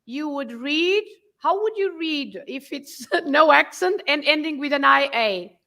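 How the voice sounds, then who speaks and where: Patient, high-voiced woman language teacher. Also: expressive, a little slow, sharp tone. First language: Portuguese. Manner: patient, explains step by step, laughs often. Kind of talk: casual language lesson.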